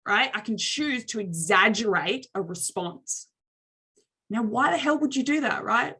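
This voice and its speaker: A woman's voice: fairly high pitch, lively intonation, normal speed, pushed and bright, husky. A woman dating coach explaining her methods in a podcast interview, in a coaching tone that keeps checking in with the listener. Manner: coaching tone, often checks in with "okay?" and "right?"; acts out example reactions to illustrate points.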